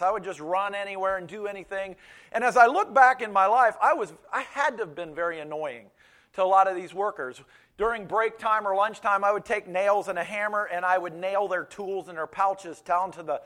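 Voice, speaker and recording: Animated, high-voiced man preaching a sermon. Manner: storytelling, swings from loud to quiet. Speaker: pastor.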